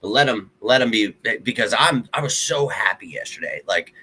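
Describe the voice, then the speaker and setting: A man's voice: fairly low pitch, expressive, moderate pace, bright, forceful tone, breathy edge, poor audio. A man hosting his own live sports show, rambling bluntly and heatedly about his football team to viewers. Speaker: sports podcast host. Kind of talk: casual fan commentary to a live stream.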